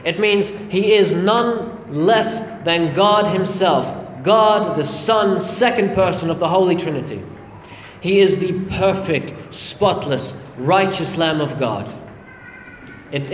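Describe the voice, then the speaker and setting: A man's voice: high-pitched, unhurried, a little hiss or hum. A man preaching a sermon, earnest and emphatic, calling his listeners friends. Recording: echoey hall with long reverb, faint ambience.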